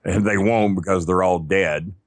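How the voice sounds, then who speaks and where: A man's voice: low-pitched, steady tone, moderate pace, no echo, clean studio sound. A man, telling crude, self-mocking stories as a podcast guest. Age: 50s. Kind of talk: casual storytelling. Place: not at a desk microphone.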